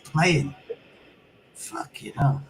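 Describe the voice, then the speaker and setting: A man's voice: drawn-out words, slight background noise, poor audio. A middle-aged man, telling sweary anecdotes in casual chat on a livestream. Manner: swearing anecdotes with sound effects. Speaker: livestream host.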